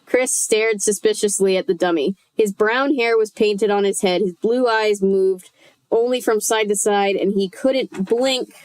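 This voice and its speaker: A woman's voice: medium pitch, unhurried, darkish tone, smooth, no echo. A woman reading a children's horror book aloud casually, with chatty joking asides.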